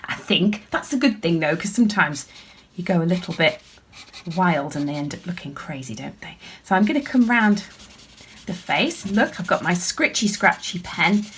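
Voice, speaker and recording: Breathy woman teaching drawing. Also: on the low side, big pitch swings, moderate pace. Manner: chatty and encouraging, talking while drawing. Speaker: children's author and illustrator. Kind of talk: draw-along lesson for children.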